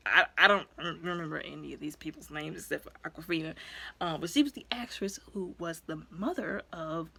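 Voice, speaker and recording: A woman casually recapping a movie in a chatty, animated way. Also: mid-range voice. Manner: chatty, animated, colloquial, acts out quotes. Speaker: movie reviewer.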